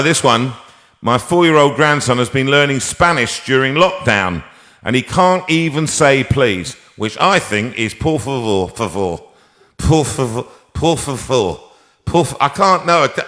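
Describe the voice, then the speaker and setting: Bright-voiced joking man host. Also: lowish voice. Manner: jokey, rambling, self-mocking. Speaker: singer and host of a live stream. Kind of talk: casual chat between songs. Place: music room with a grand piano.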